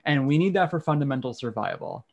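A man who is a guest on a podcast, explaining his practice in a calm, measured way. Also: medium pitch, gravelly. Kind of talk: explanatory interview talk.

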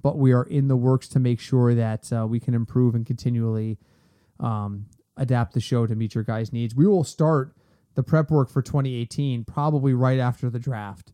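A man hosting a sports podcast in casual chat, animated and ranting in quick bursts. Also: mid-range voice. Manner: animated, talks fast in bursts and rants.

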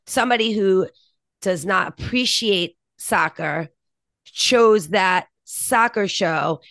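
A woman's voice: medium pitch, slow, a bit bright, dry recording, clean studio sound. A woman co-hosting a podcast, chatting casually and enthusiastically about TV shows and laughing often. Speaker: podcast co-host.

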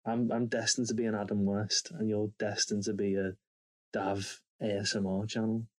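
A man's voice: fairly low pitch, flat delivery, moderate pace, darkish tone. A man chatting as a podcast guest, rambling and swearing with lots of restarts, on a headphone mic. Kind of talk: casual banter. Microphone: headphone microphone.

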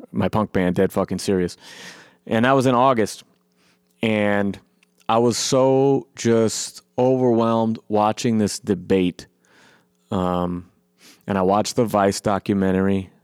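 A man's voice: on the low side, no room sound, clean studio sound. A man, a punk band musician, talking in a casual, profane monologue and mocking people in quoted voices. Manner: profane, animated, mocks others in quoted voices.

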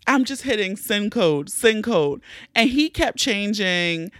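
A woman hosting a podcast, telling a personal story in a candid, animated way with plenty of swearing. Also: on the high side, a little slow, no room sound, clean studio sound. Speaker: podcast host. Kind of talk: casual storytelling.

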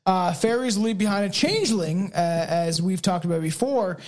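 A man's voice: sits high, animated, normal speed, a little mellow. A man co-hosting a podcast, reading folklore notes in casual chat with frequent laughs and restarts. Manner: rambling, laughing often, restarts. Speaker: podcast co-host.

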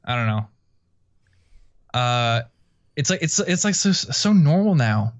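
A man's voice: mid-range voice, big pitch swings, slow, lo-fi sound. Laid-back man chatting on a podcast. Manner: laid-back, rambling with many fillers and laughs. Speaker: podcast host. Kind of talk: casual chat.

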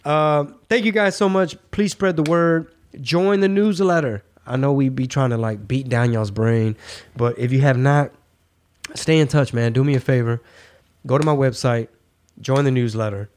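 A man from Texas co-hosting a casual podcast, talking in a loose, slangy, animated way with a slightly stuffy, congested voice. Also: mid-range voice, normal speed. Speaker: podcast co-host. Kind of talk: casual political podcast banter.

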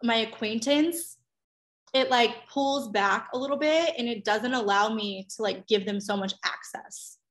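Chatty, swearing mom, high voice. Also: female voice, a little slow, fairly bright tone. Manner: chatty, swears freely, acts out quotes with big pitch jumps. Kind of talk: candid casual chat.

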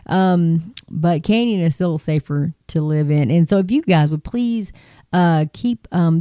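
A woman's voice: fairly low pitch, mellow, smooth, dry recording. A woman, vlogging in a rambling, emphatic monologue about what worries her. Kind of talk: casual opinion monologue.

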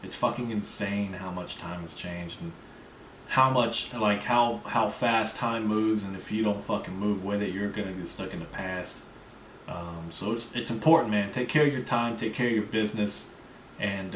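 A man's voice: fairly low pitch, distant mic. A man hosting a podcast in a rambling, profane, conversational way, talking with a slight lisp. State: coughing. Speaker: podcast host. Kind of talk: casual solo podcast rant. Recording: roomy, off-mic, faint background noise.

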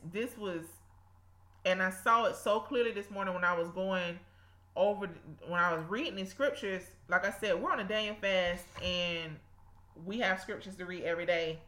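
A woman's voice: mid-range voice, measured pace, pauses often, bright, forceful tone, roomy sound. A woman preaching informally to her listeners, fervent and repetitive, breaking into laughs and exclamations. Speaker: podcast host and Bible teacher.

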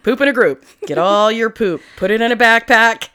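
A woman's voice: a little high, moderate pace, sharp tone, smooth. A woman co-hosting a podcast in casual, rambling, profane chat full of jokes. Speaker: podcast co-host.

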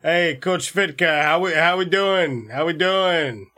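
A man's voice: fairly high pitch, unhurried, sharp tone. A man voicing a blunt, crude male football coach who has just been fired, with a put-on Chicago accent, in an improvised comedy bit. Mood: gruff. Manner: gruff, swearing, rambling.

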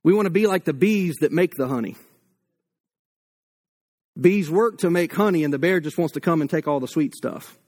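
A man in his thirties delivers a sermon in a high, light voice. His preaching is blunt and conversational, with humorous asides and little acted-out quotes. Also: moderate pace, pauses often, a little mellow. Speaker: pastor.

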